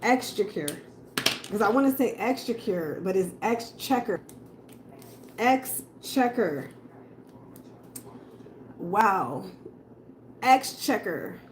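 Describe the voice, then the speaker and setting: A woman in a casual reaction video, slowly repeating a hard word and laughing at herself. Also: medium pitch, expressive, a little hiss or hum, poor audio. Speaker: tarot reader and video creator.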